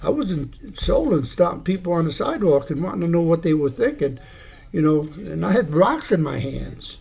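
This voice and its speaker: A man's voice: on the high side, sing-song, brisk, gravelly, darkish tone, slightly rough. A man in his sixties rambling through a loose, free-associating monologue at home, often chuckling between thoughts. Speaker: video blogger. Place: his home, living room.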